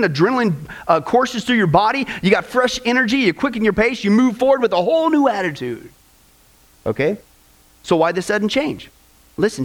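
A man preaching a sermon, telling stories and acting out the voices of the people in them. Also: sits high. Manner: animated storytelling, acting out voices. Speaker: pastor.

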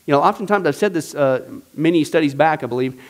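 Animated high-voiced male Bible teacher. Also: quick pace. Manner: animated, joking, enthusiastic with frequent fillers. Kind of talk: casual teaching. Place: church classroom.

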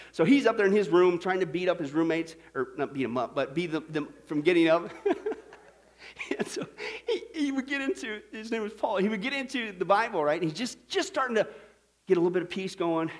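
A male pastor preaches with lively energy, breaking into playful put-on voices to make his point. His voice sits high for a man. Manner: animated, acts out voices and jokes. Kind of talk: sermon.

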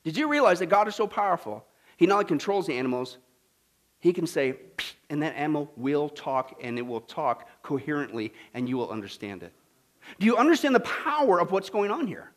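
A man preaching a sermon, animated and folksy, with acted-out voices and asides to the congregation. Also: on the high side, fairly quick. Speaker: pastor.

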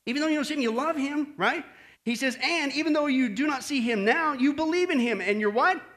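A man preaching a sermon as pastor, animated, often asking the congregation questions and adding friendly "okay?" asides. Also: extremely high pitch, brisk.

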